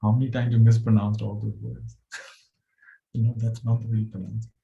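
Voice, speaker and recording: A male spiritual teacher giving a gentle dharma talk, chuckling as he tells stories. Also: on the low side, little pitch movement, moderate pace, gravelly, muffled recording.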